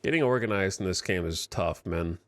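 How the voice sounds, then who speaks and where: A man from the United States giving casual, animated commentary as he streams a game and argues with his chat. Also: deep voice, fairly quick. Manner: animated, argumentative, thinks aloud.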